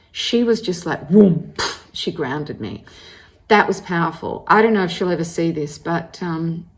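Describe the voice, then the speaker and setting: An Australian woman in her forties tells her personal story as the host, talking in a lively, conversational way. She stops and starts often, fills pauses with little ums, and keeps the telling casual and open. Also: lowish voice. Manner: animated, chatty, many fillers and restarts.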